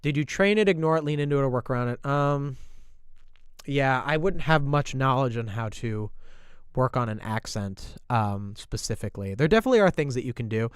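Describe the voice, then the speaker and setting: A man's voice: mid-range voice, clean tone, no room sound, clean studio sound. A man chatting casually on a stream, thinking aloud with many fillers and restarts, with a slight New York accent. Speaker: YouTuber reviewing creator posts on stream. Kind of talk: casual livestream commentary.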